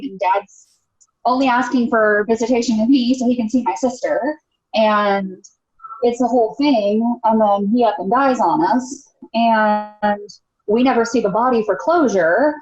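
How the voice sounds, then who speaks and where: A woman's voice: medium pitch, darkish tone. A woman guest telling a personal story in a casual, candid way, full of fillers and acted-out quotes, on a roomy, dull-sounding recording. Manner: candid, chatty, many fillers, acts out quotes. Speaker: podcast guest.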